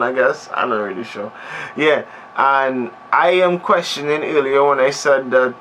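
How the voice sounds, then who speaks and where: A man's voice: medium pitch, bright, forceful tone, a little hiss or hum, poor audio. A man giving a comedic movie recap, rambling and sarcastic, often cutting himself off mid-sentence. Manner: rambling, sarcastic, self-interrupting. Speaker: movie reviewer.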